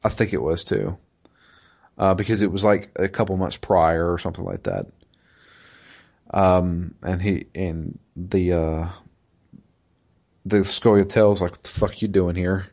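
A man with a very low voice talks slowly and casually. He stops and restarts often, filling gaps with ums and uhs as he recaps a game. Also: creaky, a little mellow. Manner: halting, many fillers and restarts. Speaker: podcast co-host recapping a video game. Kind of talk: casual chat.

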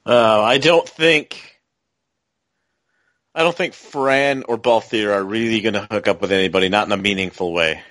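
A man's voice: lowish voice, normal speed, a bit bright, no room sound, low-quality recording. A man co-hosting a casual podcast, rambling and restarting phrases as he thinks aloud. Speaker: podcast co-host.

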